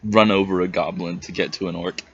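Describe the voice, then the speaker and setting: Low voiced dude at a tabletop game, chill, muffled lo-fi sound. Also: male voice, fairly even intonation, brisk, crowd noise. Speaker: player. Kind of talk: casual tabletop gaming chat. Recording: dull lo-fi recording with faint hiss.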